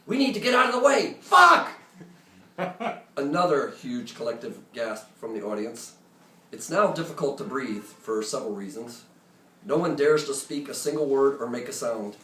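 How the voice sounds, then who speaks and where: A man telling a personal story to a live audience in a conversational, animated way with joking asides. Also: medium pitch. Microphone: phone or camera recording from the room. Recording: roomy, distant, faint ambience.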